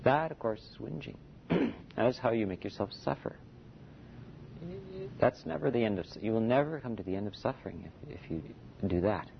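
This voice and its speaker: Low, gravelly male meditation teacher with an easygoing, conversational dharma-talk delivery; dull lo-fi recording. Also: normal speed, pauses often. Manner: relaxed and conversational, with many "you know"s and soft chuckles. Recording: dull lo-fi recording with faint rumble.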